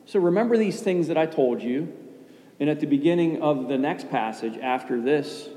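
A middle-aged man preaching a sermon as pastor in a calm, low-key, unanimated way. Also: moderate pace. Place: church sanctuary. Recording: long hall reverb.

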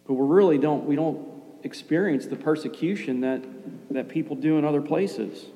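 A middle-aged man preaching a sermon as pastor in a calm, low-key, unanimated way. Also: moderate pace. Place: church sanctuary. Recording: long hall reverb.

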